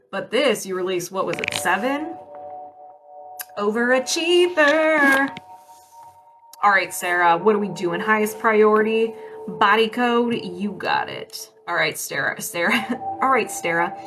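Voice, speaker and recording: A woman's voice: mid-range voice, moderate pace, music in the background. A woman energy healer on a casual livestream, chatty and upbeat, asking and answering her own yes-no questions. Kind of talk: casual livestream healing session.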